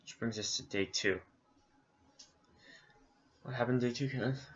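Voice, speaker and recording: A man's voice: mid-range voice, steady tone, measured pace, dull audio. A man co-hosting a casual travel recap, rambling along with many fillers. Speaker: co-host recapping a trip.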